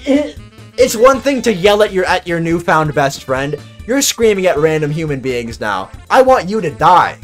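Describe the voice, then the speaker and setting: A young man streaming, telling a story in an animated, exasperated way and swearing freely. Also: a little high, moderate pace, hardly any pauses, soft background music. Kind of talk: casual storytelling.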